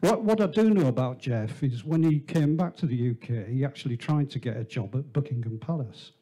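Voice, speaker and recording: A man with a medium-pitched, dark voice speaks briskly with lively intonation. As the venue host introducing a performer to a small live theatre audience, he's chatty and teasing, telling a shaggy-dog joke complete with quoted voices.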